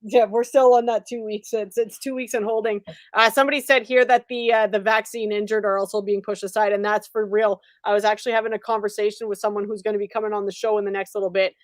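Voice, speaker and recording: A woman's voice: mid-range voice, little pitch movement, fast talker, no echo. A woman hosting a talk show who gives her opinions in a loose, conversational way. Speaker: host.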